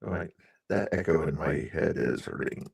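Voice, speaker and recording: A man's voice: very deep voice, animated, normal speed, gravelly, slightly rough, no room sound. A man hosting a live stream, chatting casually about politics and his viewers in a rambling way, with many fillers and chuckles.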